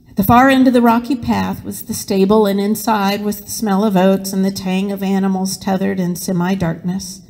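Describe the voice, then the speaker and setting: A woman pastor preaching a sermon, telling a story slowly and expressively. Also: medium pitch, little pitch movement, a little mellow. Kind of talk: sermon with dramatic reading. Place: church sanctuary. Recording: reverberant church sanctuary.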